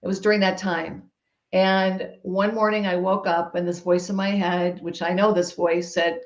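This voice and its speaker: A woman guest telling a personal story in a podcast conversation, emphatic and lively. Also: lowish voice, normal speed. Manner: animated, emphatic storytelling with laughs. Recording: roomy, dull-sounding recording.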